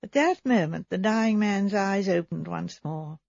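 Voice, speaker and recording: Husky-voiced woman narrating a story. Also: medium pitch, unhurried, darkish tone, no echo. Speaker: audiobook reader. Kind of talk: scripted narration. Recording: slightly dull recording.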